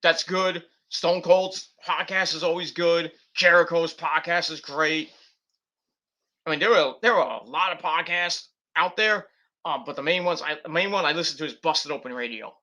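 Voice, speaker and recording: A man's voice: a little high, moderate pace, sharp tone. A man giving a casual, rambling wrestling review monologue, full of fillers and restarts.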